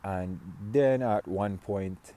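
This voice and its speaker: A man's voice: sits low, slow, warm tone. A man from Syria telling a personal story to camera, rambling with fillers and restarts. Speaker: vlogger.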